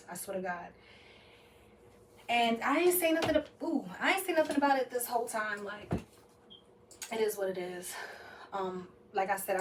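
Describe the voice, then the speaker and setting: A woman's voice: mid-range voice, far from the mic, rough recording. A young woman tells a story on her podcast in a loose, casual way, packing her talk with slang, filler and swearing. She sits a little back from the mic, and a faint hiss runs under her voice. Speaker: podcast host. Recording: slightly off-mic with faint noise.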